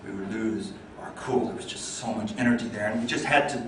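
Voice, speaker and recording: A man's voice: brisk, slight background noise. Man telling a story in an echoey hall. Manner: animated, builds up energy then drops low. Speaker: club speaker. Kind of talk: storytelling speech. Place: meeting hall. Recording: echoey hall, mic far off.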